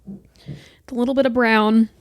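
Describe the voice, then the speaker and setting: A woman's voice: a little high, steady tone, slow. A young woman in her twenties hosting her own podcast, chatting casually in a rambling, self-deprecating way. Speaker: podcast host. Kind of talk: casual solo podcast chat. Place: small room at home. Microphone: podcast mic.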